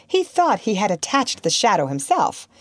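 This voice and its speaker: A woman reading a children's storybook aloud with an expressive delivery. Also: mid-range voice, moderate pace, no echo. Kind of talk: storybook narration.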